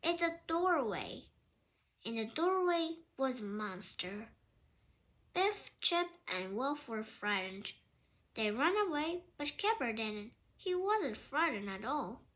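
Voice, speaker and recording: A woman reading a children's storybook aloud, slow, clear and expressive. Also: fairly high pitch. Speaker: storybook reader.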